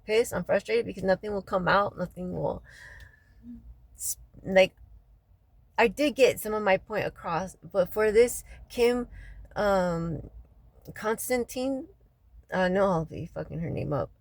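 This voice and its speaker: A woman, crying as she vents in a raw, profane personal rant, her voice often sinking low and quiet. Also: unhurried, vocal fry, long pauses, no echo, rough recording. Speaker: local resident venting after a city meeting. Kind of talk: emotional personal vlog rant.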